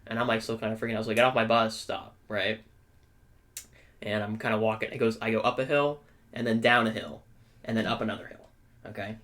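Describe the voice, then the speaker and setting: A young man co-hosting a podcast, telling a story in a casual, animated way with frequent check-ins to his listener. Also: lowish voice, a little fast, pauses often. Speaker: podcast co-host.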